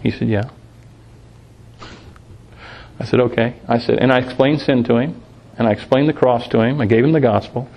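A man preaching, telling lively personal anecdotes about sharing his faith, laughing often and restarting phrases. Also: mid-range voice, normal speed, gravelly, long pauses, dull audio. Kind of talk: sermon storytelling.

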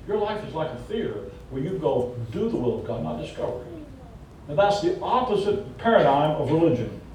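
A Southern US preacher, a man with a slightly high but mellow voice, delivers a folksy, emphatic sermon with joking asides. He is picked up from a distance, so his words ring through a very echoey church hall. A faint rumble sits underneath. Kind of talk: conversational sermon.

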